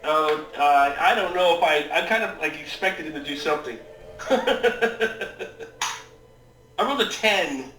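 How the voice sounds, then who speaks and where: A man's voice: a little high, expressive, measured pace, long pauses, sharp tone, soft background music. A man playing a tabletop game, chatting casually and laughing at himself. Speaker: player. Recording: distant mic in an echoey room.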